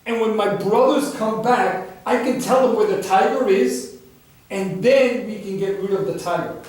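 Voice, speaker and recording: A man's voice: sits high, normal speed, darkish tone, close to an everyday voice. A man telling a dharma talk story, voicing an earnest young prince who talks hesitantly. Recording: echoey room, far from the mic.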